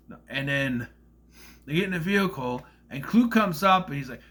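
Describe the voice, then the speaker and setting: Animated, bright-voiced man rambling a review. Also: on the high side, moderate pace. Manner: rambling, acts out quotes in silly voices. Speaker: movie reviewer. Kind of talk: casual film review monologue.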